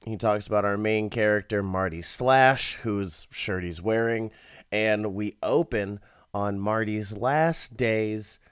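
A man's voice: lowish voice, slow pace, smooth, no echo, clean studio sound. A man casually recapping a movie, laughing often, swearing freely and rambling.

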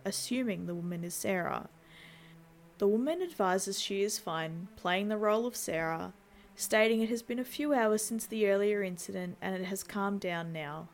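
A woman telling a movie recap in a steady, conversational voice. Her narration is straightforward, with dry, wry asides now and then. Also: mid-range voice.

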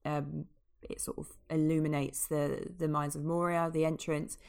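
A woman's voice: low-pitched, flat delivery, normal speed, vocal fry, darkish tone, clean tone. A woman co-hosting a casual chat, talking with enthusiasm and many small fillers and restarts. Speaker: podcast co-host. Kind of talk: casual chat about a fantasy TV series.

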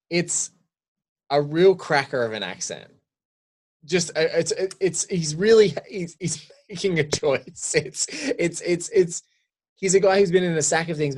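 A man's voice: fairly high pitch, normal speed. Rambling man chatting about films. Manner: rambling, restarts a lot. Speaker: podcast co-host. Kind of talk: casual film chat.

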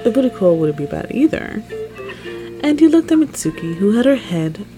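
Expressive woman reading a romance story. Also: fairly high pitch, moderate pace. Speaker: fan fiction reader. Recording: music playing behind the voice.

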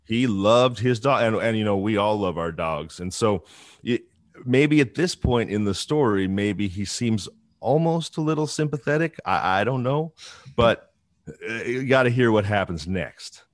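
A man with a deep, low-pitched voice tells a true-crime story in a loose, conversational way. He often restarts his sentences and slips in asides. The sound is dry and close, with little room echo. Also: lively intonation, unhurried.

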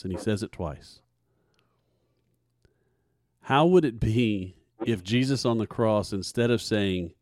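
A man hosts a casual faith podcast in an earnest, preachy way, stumbling and doubling back on his words. His voice sits on the low side. The sound is dry and close, with no room around it. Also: darkish tone, no echo. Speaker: podcast host.

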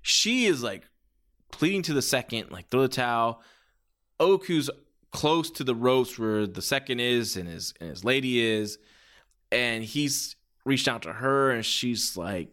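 A man hosting a podcast, reviewing in a casual, rambling way with lots of restarts. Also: mid-range voice. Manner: animated, rambling with many restarts. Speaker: podcast host.

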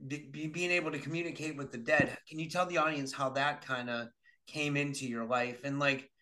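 A man's voice: a little high, steady tone, a little fast, sharp tone. A man with a Pittsburgh accent hosting an interview, asking hesitant questions with repeated words. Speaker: podcast host. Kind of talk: casual interview.

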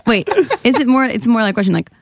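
A woman in her thirties, guest-hosting a casual chat, playful and quick to laugh as she tries out comic accents. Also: on the high side. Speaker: guest host.

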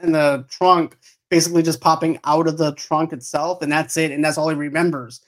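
A man's voice: a little high, flat delivery, fairly quick. A man co-hosting a casual movie review chat, animatedly retelling scenes and acting out the characters' lines. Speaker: podcast co-host.

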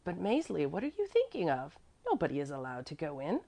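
Earnest, fretful old housekeeper type, emphatic, with lively pitch swings, read by a woman. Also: a little fast, heavily acted. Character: fussy, devoted older woman servant.

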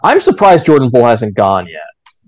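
A man co-hosting a casual podcast, tossing out quick jokes as he runs the picks. His pitch jumps around a lot. The sound is dry and close, with no room echo. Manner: quick, joking, lively pitch swings. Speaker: podcast co-host running the draft. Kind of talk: casual chat.

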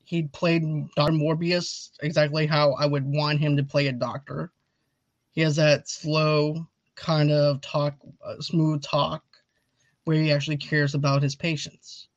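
A talkative man hosting a casual review chat, his voice pitched a little high. The sound is dry and somewhat dull, like a home recording. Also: unhurried, no echo. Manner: animated, talkative, asks viewers to comment. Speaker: video host.

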